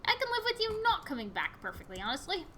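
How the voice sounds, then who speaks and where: A woman giving chatty, excitable commentary while playing a video game, yelping at what happens on screen. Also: very high-pitched, fast, a little hiss or hum. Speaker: gaming video host. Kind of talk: casual gameplay commentary.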